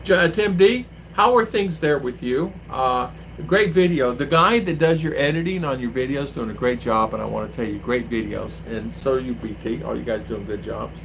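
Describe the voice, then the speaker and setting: A man's voice: mid-range voice, moderate pace, creaky, few pauses, fairly bright tone, slight background noise, low-quality recording. An older man hosting a livestream, chatting in a rambling, storytelling way. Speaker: livestream host. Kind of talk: casual livestream chat.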